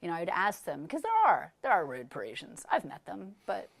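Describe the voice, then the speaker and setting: Gravelly-voiced American woman telling stories. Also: on the low side, a little fast. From United States. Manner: animated storyteller who acts out the people she quotes. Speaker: guest. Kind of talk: casual interview storytelling.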